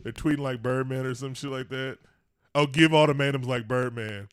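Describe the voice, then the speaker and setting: A man's voice: mid-range voice, steady tone, moderate pace, clear, resonant tone, no room sound, studio quality. A man co-hosting a casual chat show, talking loosely with lots of slang and frequent laughter. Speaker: podcast co-host.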